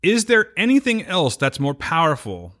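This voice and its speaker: A man's voice: a little high, huge pitch swings, moderate pace, fairly bright tone. A man co-hosting a podcast, recapping an episode in casual chat and slipping into playful character voices. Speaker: podcast co-host.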